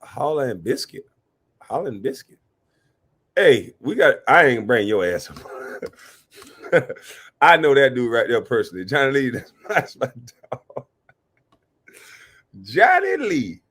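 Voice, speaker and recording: A man hosting a live reaction stream, talking animatedly, cursing and giving shout-outs to his chat. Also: medium pitch, huge pitch swings, slow pace, pauses often, breathy edge. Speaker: livestream reaction host.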